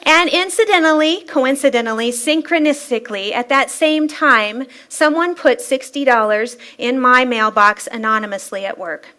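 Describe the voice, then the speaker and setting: High-voiced woman giving a lively spiritual talk. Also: normal speed, few pauses. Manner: lively storytelling, playful, laughs often. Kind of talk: inspirational sermon-style talk. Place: church sanctuary.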